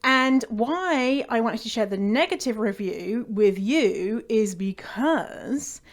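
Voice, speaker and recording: A woman with a slightly high voice hosts her podcast from home. She talks in a casual, chatty monologue, playful and upbeat, full of fillers and asides. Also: animated, slow pace. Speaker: podcast host. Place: at home indoors.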